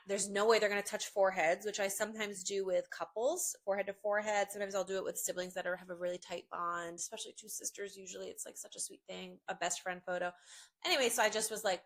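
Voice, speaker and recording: A woman, a family photographer, telling a funny story to camera in a bubbly, self-mocking way, jumping up in pitch when she acts out quotes.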